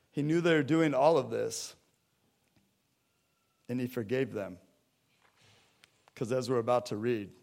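This pastor's mid-range voice is creaky with a darkish tone. Preaching in the church sanctuary, he talks with his congregation in a conversational way and performs Bible scenes using quoted voices.

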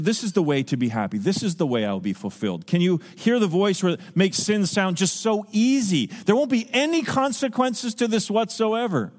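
A man's voice: fairly high pitch, a little mellow, long reverb tail. A man preaching a sermon as pastor, earnest and emphatic, asking the listeners pointed questions. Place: church sanctuary.

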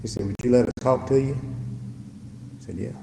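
An older pastor tells a story to his church in an unhurried, folksy way. His voice is mellow and dark. It rings out in a roomy hall with a long, echoing reverb. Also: mid-range voice, gravelly, slight background noise. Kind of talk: storytelling testimony to a congregation.

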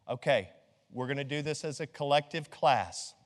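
A middle-aged male pastor preaching a sermon, lively and joking as he quizzes his congregation with rhetorical questions. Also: medium pitch, normal speed. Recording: long hall reverb.

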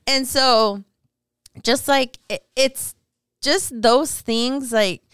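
A woman's voice: sits high, extremely slow, a bit bright, smooth, dry recording, studio quality. A woman guest on a faith podcast, telling a personal story in a casual, emotional, rambling way, full of fillers and restarts.

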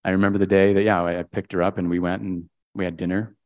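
A man's voice: low-pitched, little pitch movement, quick pace, darkish tone, dull audio. A male pastor preaching a heartfelt sermon, speaking directly to the congregation and often repeating and restarting his words.

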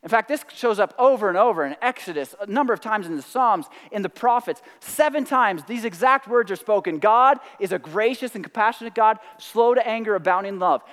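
A man preaching a sermon, lively and animated, acting out the quoted voices and laughing often. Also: high voice, a little fast, few pauses, in a large hall. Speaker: pastor.

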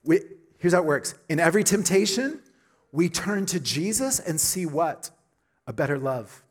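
A middle-aged male pastor delivering a sermon, his voice sitting a little higher than most men's. He presses each point hard, repeats his key lines for weight, and climbs to loud, ringing peaks. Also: animated, normal speed. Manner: emphatic preaching, repeats key phrases, rises to loud climaxes.

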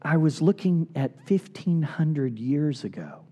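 This middle-aged pastor preaches slowly and very animatedly, his sermon earnest and full of pleading. He repeatedly lowers his voice to a soft, low tone when he wants emphasis.

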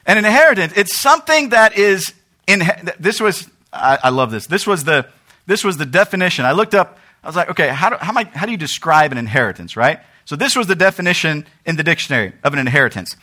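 Animated high-voiced pastor. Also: male voice, fast talker. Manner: animated, talks straight to the congregation with frequent "right?". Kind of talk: sermon. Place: church.

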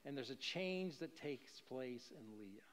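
A man's voice: mid-range voice, lively intonation, measured pace, fairly bright tone, in a large hall, slight background noise. Conversational male preacher. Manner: conversational, with chuckles and rhetorical questions. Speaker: pastor. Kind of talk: sermon.

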